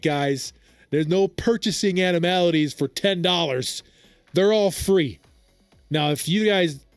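Excitable male reaction host. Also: a little high, no echo. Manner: excitable, gushing, loud exclamations and laughter; rambling fan commentary with restarts. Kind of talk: live reaction and commentary on a game trailer.

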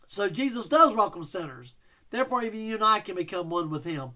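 A man's voice: sits high, animated, fairly quick, pushed and bright. A male pastor giving a verse-by-verse teaching sermon, explaining scripture and reading King James wording with emphasis.

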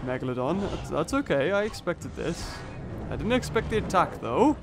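Excitable high-pitched gamer. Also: male voice, normal speed, music in the background. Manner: excitable, talks through each move, exclaims. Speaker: gaming channel host. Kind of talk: let's play commentary.

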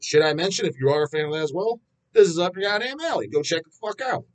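A man hosting a metal channel, ranting bluntly and with heavy swearing in casual talk to viewers, with frequent restarts and drawn-out fillers. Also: on the high side, lively intonation. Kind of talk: casual rant answering viewer questions.

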